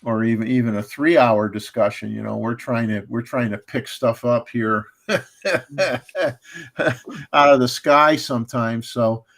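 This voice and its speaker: A man's voice: medium pitch, fairly even intonation, a little slow, vocal fry, fairly bright tone. A man hosting a casual livestream chat, rambling with lots of fillers and restarts and chuckling often. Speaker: livestream host.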